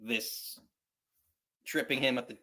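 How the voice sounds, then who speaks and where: A man hosts a laid-back wrestling chat, rambling through his points and often stopping to restart. His voice sits at an everyday, mid-range pitch. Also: fairly even intonation, bright, forceful tone. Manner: rambling, halting, many restarts. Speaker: podcast host. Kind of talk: casual chat.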